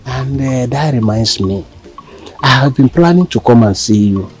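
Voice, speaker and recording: A calm Nigerian village secretary in a family film drama. His voice is mellow and a little husky, and he talks with easy hesitation. The Nigerian accent is plain. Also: medium pitch, normal speed, soft background music, rough recording. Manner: calm, explaining, hesitant fillers. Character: village man, secretary of the kin meeting.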